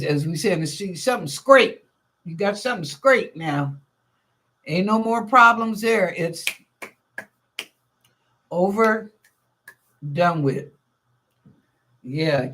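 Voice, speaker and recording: Chatty, lively woman giving psychic readings. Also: on the low side. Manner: chatty and lively, with street slang; reads viewer questions aloud. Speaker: psychic reader and show host. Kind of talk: live-streamed psychic readings, casual chat.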